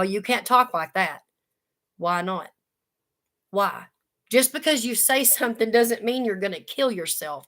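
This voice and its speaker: A woman's voice: medium pitch, a bit bright. A woman giving a casual Bible study talk, conversational and earnest, with folksy asides. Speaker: Bible teacher.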